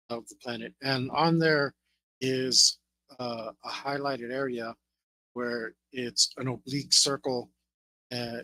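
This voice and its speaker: A man running a tabletop role-playing game, describing scenes in a loose, unhurried way with many fillers. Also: medium pitch, bright, forceful tone, rough recording. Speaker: game master.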